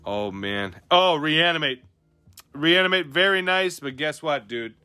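Young dude w hyping card pack openings, bright punchy voice, bit of music behind. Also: male voice, fairly high pitch, unhurried. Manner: animated, slangy, hyped. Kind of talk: excited live commentary on pack openings.

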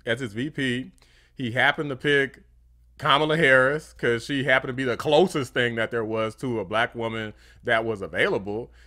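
Pitched on the high side with a sharp tone, this man hosts a political commentary vlog. He delivers opinionated commentary bluntly and heatedly, tossing out insults along the way.

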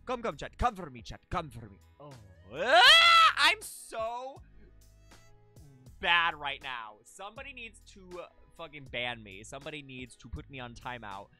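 Goofy, giggly live streamer with a bright, lively voice over faint background music. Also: mid-range voice, normal speed. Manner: giggly and goofy, repeating silly words. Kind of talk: casual live-stream chat.

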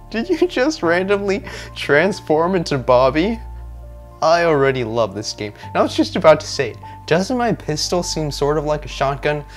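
Young man, let's play commentary, excitable, joking, rambling, desk mic, faint music behind. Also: a little high. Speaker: gaming video host.

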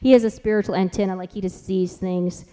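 A woman's voice: mid-range voice, steady tone, brisk, warm tone, smooth, in a large hall. Chatty woman telling stories at a church conference. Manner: chatty and rambling, lots of "like", restarts. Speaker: conference speaker and mother. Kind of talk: conference talk with storytelling.

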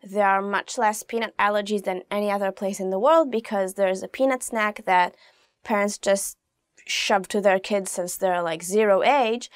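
Young woman, casual language lesson host, chatty, clear slow phrases, dry close sound. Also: mid-range voice, dry recording. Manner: chatty, says phrases slowly and clearly, laughs often. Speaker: language teacher, show host.

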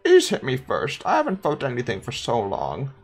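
A woman voicing a polite, gentle male zombie with a put-on German accent, in a higher sing-song voice. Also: wildly swooping pitch, normal speed, gravelly, slightly rough, faint music behind, exaggerated voice. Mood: courteous. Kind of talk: voicing game dialogue.

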